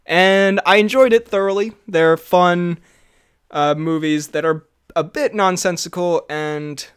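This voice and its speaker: Young male co-host with a fairly high voice, opinionated and giggly, loose podcast chatter. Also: fairly even intonation, measured pace, clear, resonant tone. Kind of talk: casual chat.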